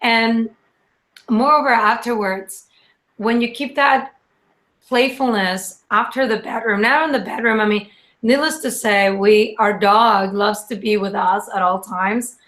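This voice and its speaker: A woman chatting on a podcast as a guest, rambling and halting, with many restarts and fillers. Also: on the high side, a bit bright. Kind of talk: casual chat.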